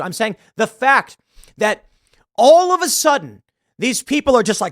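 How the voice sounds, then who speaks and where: Man, American, commentary host, ranting, animated, dry close mic. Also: sits high, normal speed, dry recording. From United States. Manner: ranting, animated, laughs mid-sentence. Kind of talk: casual commentary.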